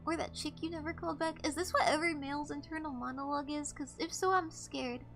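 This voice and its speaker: High-voiced woman streamer, loud outbursts. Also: fairly even intonation, fast, soft background music. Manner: loud, startled outbursts and swearing. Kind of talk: live game stream, reading and reacting.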